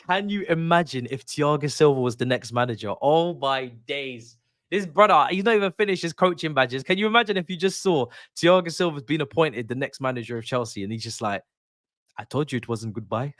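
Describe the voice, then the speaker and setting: A man's voice: a little high, animated, fast, few pauses, fairly bright tone, dry recording, studio quality. A young man hosting a livestream, ranting in exasperation about his football club, swearing often and repeating himself as he makes his point. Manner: repeats and restarts phrases. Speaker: livestream host. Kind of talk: casual livestream commentary.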